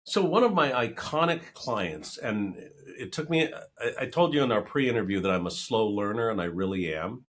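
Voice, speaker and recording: Animated middle-aged man telling stories. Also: fairly low pitch, normal speed, hardly any pauses. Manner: animated storyteller who acts out quoted dialogue. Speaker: financial planner, guest. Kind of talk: conversational interview storytelling.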